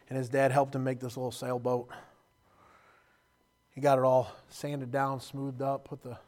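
A man preaching a sermon, telling stories with emotion and moving from loud passages to quiet, hushed ones. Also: mid-range voice.

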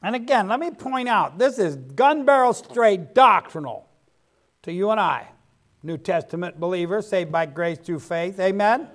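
Folksy high-voiced male preacher. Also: expressive, measured pace. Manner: folksy preaching, frequent "amen" asides. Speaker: pastor. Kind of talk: sermon.

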